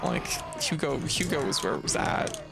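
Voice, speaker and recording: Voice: mid-range voice, steady tone, normal speed, creaky. A livestreamer from Canada, casually commenting on gameplay while ranting in an exasperated, profane way. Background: video game music.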